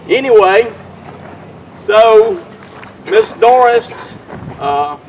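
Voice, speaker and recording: Mayor guy giving an outdoor speech, pretty high voice, wanders off track a lot, faint traffic hum behind him. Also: animated, extremely slow, low-quality recording. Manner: rambling, folksy, repeats himself and restarts. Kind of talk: informal public speech. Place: outdoors at a park ceremony.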